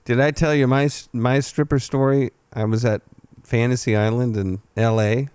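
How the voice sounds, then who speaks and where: A man hosting a podcast and telling a long story in casual chat. He swears freely and jumps to a loud, high voice when he quotes himself. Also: fairly even intonation, normal speed, smooth, dry recording. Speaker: podcast host.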